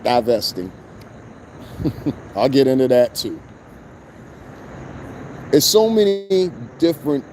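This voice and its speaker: A man's voice: mid-range voice, noisy background. Blunt profane male commentator. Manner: blunt, profane, rhetorical asides to listeners. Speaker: show host. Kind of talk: unscripted commentary rant.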